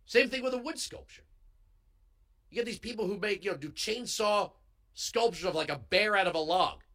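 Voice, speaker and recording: A male talk show host delivering a heated political commentary monologue into a studio microphone, emphatic and building to yells. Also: sits high, lively intonation, normal speed. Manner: heated, emphatic, swings into yelling. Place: radio studio. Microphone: studio broadcast microphone.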